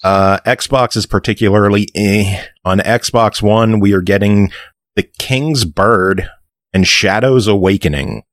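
A man's voice: lowish voice, fairly even intonation, slow pace, no room sound, studio quality. A man hosting a gaming podcast, joking casually and running through the news with a playful delivery. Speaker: podcast host reading the news.

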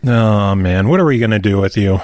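A man's voice: on the low side, a little fast, darkish tone, no room sound, clean studio sound. A man co-hosting a podcast, teasing his co-host in casual chat.

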